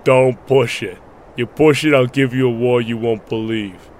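A man voicing a young man who has turned into a menacing, gravelly action-movie survivalist in a comedy skit. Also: mid-range voice, moderate pace, slight background noise, natural voice.

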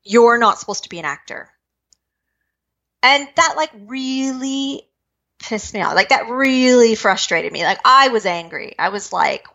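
A woman from British Columbia, Canada, a spiritual medium, telling her life story in an interview, quick-moving and acting out her own past thoughts. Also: fairly high pitch, sharp tone. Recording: dull lo-fi recording.

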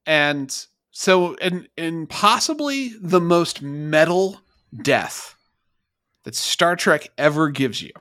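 A man co-hosting a podcast, recapping a TV episode in animated, laughing, profane casual chat. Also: a little high, slow. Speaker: podcast co-host.

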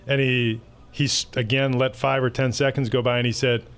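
A man, a baseball team executive, answering interview questions in a relaxed, anecdotal way. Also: mid-range voice, normal speed, clean tone.

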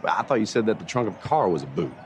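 An actor playing a cheerful, folksy American football coach with a Kansas accent, in a TV clip. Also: male voice, fairly low pitch, sing-song, very fast, a little mellow, a little hiss or hum. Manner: folksy, upbeat.

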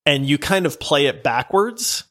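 Excitable guy retelling a story on a podcast, slightly high voice. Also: measured pace. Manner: excitable, acts out scenes in voices. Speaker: podcast co-host. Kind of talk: casual chat, animated storytelling.

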